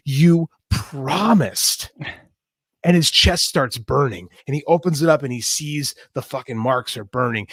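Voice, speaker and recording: Animated storytelling man in his forties. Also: medium pitch, creaky, no room sound, studio quality. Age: 40s. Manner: animated storytelling, swears freely. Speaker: podcast co-host. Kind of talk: casual chat.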